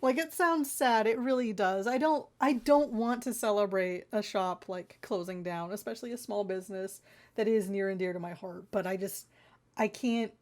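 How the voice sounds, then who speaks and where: A woman's voice: mid-range voice, darkish tone. A woman vlogger ranting in an exasperated, rambling way, talking straight to her viewers. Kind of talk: ranting consumer-warning vlog.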